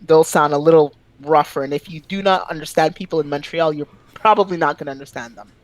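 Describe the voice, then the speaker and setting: A woman from Quebec chatting on a podcast, telling animated stories with sudden high-pitched outbursts and swearing freely. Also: fast, dry recording, poor audio. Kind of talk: casual chat.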